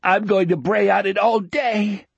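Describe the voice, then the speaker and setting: A man's voice: sits high, steady tone, unhurried, gravelly, breathy edge, no room sound, lo-fi sound, voice pushed up, full character voice. A man voicing a hateful teenage bully who begs eagerly and spitefully in a raised voice.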